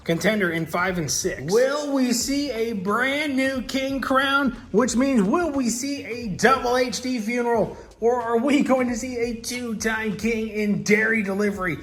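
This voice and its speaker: A man's voice: very high voice, unhurried, few pauses, a bit bright. A man hosting and commentating toy monster truck races from his home garage, in a hyped, dramatic announcer style. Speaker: host and race commentator. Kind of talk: excited race commentary.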